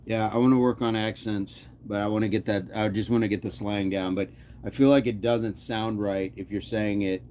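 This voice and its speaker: Low-voiced man, jokey live-chat talk. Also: fairly even intonation, normal speed, a little mellow, slight background noise. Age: adult. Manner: chatty, jokey, laughs often. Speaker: fitness channel host.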